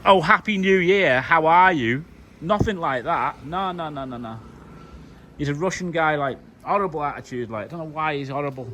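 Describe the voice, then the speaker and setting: A man's voice: a little high, fairly bright tone, slight background noise. A British man from the UK, vlogging outdoors at home in a loose, chatty, rambling way. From United Kingdom. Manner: chatty, loose and conversational with many fillers. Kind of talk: casual rambling monologue to camera.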